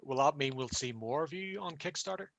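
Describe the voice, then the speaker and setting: A man co-hosting a casual interview, chatty and quick to laugh. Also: fairly high pitch, lively intonation, creaky, fairly bright tone. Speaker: interview co-host.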